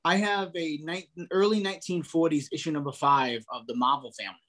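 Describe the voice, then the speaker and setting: A man co-hosting a casual collectibles chat, telling stories with lively acted-out dialogue and frequent restarts. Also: fairly high pitch, a little fast. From New England, US. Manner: animated storyteller, acts out dialogue. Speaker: podcast co-host.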